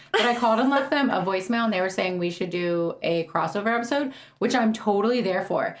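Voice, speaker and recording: Giggly young woman podcast co-host. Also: medium pitch. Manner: giggly, gushing, voice cracking. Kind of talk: casual chat.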